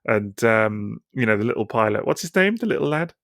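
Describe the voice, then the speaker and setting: A man's voice: on the low side, big pitch swings, fairly quick, vocal fry, a bit bright, no echo, clean studio sound. A man co-hosting a podcast, chatting eagerly and slipping into mock announcer voices for quotes. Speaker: podcast co-host. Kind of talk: casual chat.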